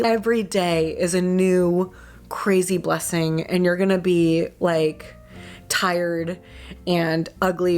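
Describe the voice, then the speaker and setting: A young adult woman, a mother, talking casually to her viewers in a candid, chatty way, filling her speech with "like" and the odd swear word. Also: on the low side. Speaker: mom vlogger. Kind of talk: casual chat to camera.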